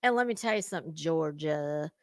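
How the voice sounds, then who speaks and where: A woman's voice: low voice, expressive, fairly quick, no room sound, clean studio sound. A woman hosting a casual livestream, greeting viewers in chat and talking in a salty, chatty way with cusswords. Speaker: livestream host.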